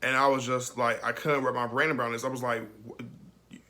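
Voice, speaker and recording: A man's voice: medium pitch, flat delivery, fast, sharp tone. A young man giving a casual, rambling film review, emotional and laughing often.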